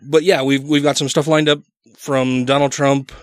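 A man co-hosting a podcast in casual, profanity-laced banter, animated and quick to laugh. His voice sits at a middle pitch. It is recorded close and dry, with no room echo. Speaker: podcast co-host.

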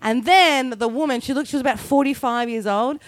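A woman's voice: sits high, a little fast, no echo. A woman telling a story on a comedy podcast, swearing and laughing as she acts out the voices in it. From Australia. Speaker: guest comedian. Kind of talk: casual storytelling chat.

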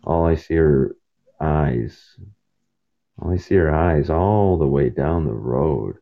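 There's a very deep, gravelly voice here, moving slowly, from a man hosting a podcast in his truck cab as he drives. He rambles through casual stories, changing topics and imitating the people in them, over dull lo-fi audio.

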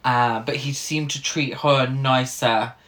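A man co-hosting a film podcast, talking casually with frequent pauses and ums. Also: mid-range voice, fairly even intonation, fairly bright tone. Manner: hesitant, many ums. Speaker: podcast co-host.

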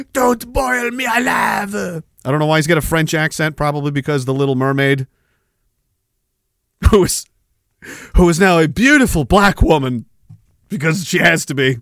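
A man with a high voice hosts a livestream podcast, rambling through a profane rant. He swears freely and chuckles as he goes, jumping from loud bursts to half-mumbled asides. The sound is close and dry, with no room around it. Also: normal speed, long pauses, dry recording. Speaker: podcast host.

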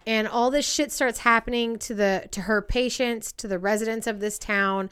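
A woman in her thirties telling a story in casual chat, animated and profane, acting out the voices of people she quotes. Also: on the high side, normal speed, clean tone.

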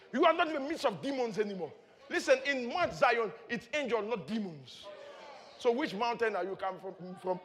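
A man preaching a sermon, moving between quiet teaching and shouted praise, often chuckling as he speaks. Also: very high-pitched, animated, moderate pace, a faint crowd. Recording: long hall reverb.

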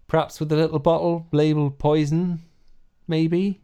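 A man's voice: fairly high pitch, flat delivery, moderate pace, mellow, clear, resonant tone, pitched above the performer's own voice, natural voice. A man playing a polite, inquisitive young squire with a West Country accent, asking courteous questions. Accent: West Country English.

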